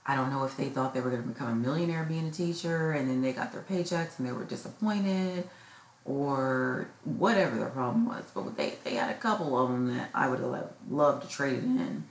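A mother in middle age talks through her feelings about her children growing up, heartfelt and full of fillers. Her voice sits extremely low with a gravelly fry. The room is echoey, with a faint hiss of noise behind her. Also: animated, fairly quick. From United States. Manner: heartfelt, rambling with many fillers. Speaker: podcast host. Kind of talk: personal reflective monologue.

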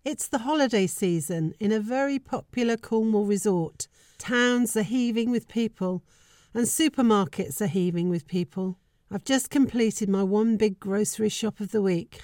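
A woman's voice: mid-range voice, moderate pace, a little mellow, no echo, clean studio sound. An older woman hosting a podcast, narrating a scripted story with wry, self-mocking humour. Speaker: podcast host.

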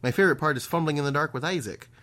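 Cheery folksy Canadian man in a put-on accent, done by a man, pitched up, sing-song and overfriendly. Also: rapid-fire, a bit bright, lightly acted. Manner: sing-song, overplayed friendliness.

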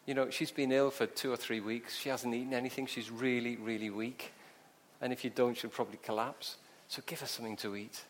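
A man voicing a calm and gentle male teacher who speaks with steady reassurance. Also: high-pitched, slight background noise, pitched above the performer's own voice. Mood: caring. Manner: soft, slow, steady reassurance.

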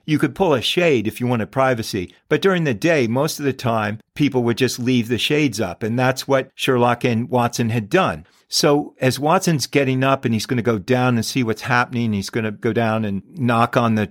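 A man's voice: mid-range voice, no echo, studio quality. Man casually retelling a story. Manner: conversational, with frequent restarts and fillers. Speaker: podcast host.

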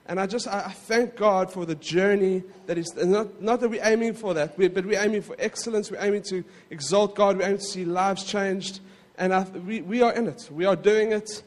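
A man preaching a sermon in a conversational way, with frequent asides to the congregation and quick self-corrections. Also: sits high, long reverb tail. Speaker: pastor.

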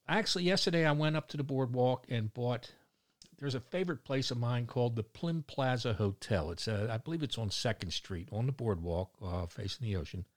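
A man in his sixties with a broad Baltimore accent talks casually straight to his viewers. He rambles from one thing to the next, blunt and wisecracking, and his voice sits at an ordinary middle pitch. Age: 60s. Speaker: vlogger. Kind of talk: casual monologue to camera.

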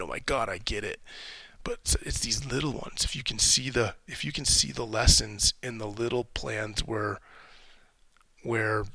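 A man's voice: medium pitch, creaky, pushed and bright, dry recording. A man hosting a podcast, a military veteran, talking in a rambling, candid, reflective way and cursing casually. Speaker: podcast host.

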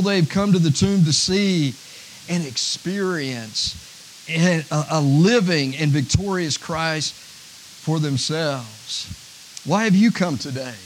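A male pastor preaching a sermon, with a preacher's rhythm that rises to shouts and drops to near-whispers. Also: sits high, a little hiss or hum, rough recording.

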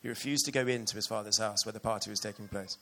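A man's voice: fairly low pitch, steady tone, quick pace, pushed and bright. A man preaching a sermon earnestly and with emotion, reading passages aloud to his church.

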